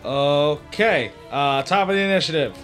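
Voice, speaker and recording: A man's voice: fairly high pitch, expressive, measured pace, a bit bright, soft background music. A man acting as game master, casually narrating and calling rolls. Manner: casual, narrating and ruling with fillers. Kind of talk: running a tabletop game.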